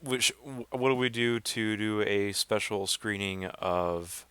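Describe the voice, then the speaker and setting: A man's voice: on the low side, slow pace, a bit bright, smooth, dry recording. A man hosting a livestream in casual chat, jokey and laughing often.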